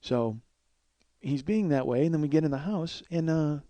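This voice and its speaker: A man's voice: a little high, normal speed, mellow, no room sound. A man in his forties hosting a comedy podcast, telling a rambling, profane, self-deprecating story. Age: 40s. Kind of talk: storytelling monologue.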